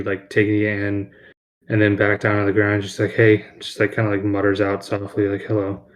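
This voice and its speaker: A man narrating as game master, rambling with lots of fillers. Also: fairly low pitch.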